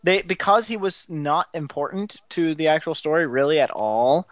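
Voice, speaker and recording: A man with a somewhat high voice trading jokes with his co-hosts during a TV recap. He teases and often restarts his sentences. The recording is dry and close. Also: normal speed, no room sound. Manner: joking, teasing, stumbling restarts. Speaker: podcast co-host. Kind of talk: casual TV recap chat.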